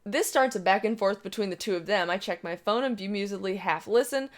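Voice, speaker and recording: A woman's voice: medium pitch, fairly quick. A woman reading a first-person online story aloud in a brash, profane storytelling manner. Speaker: story reader.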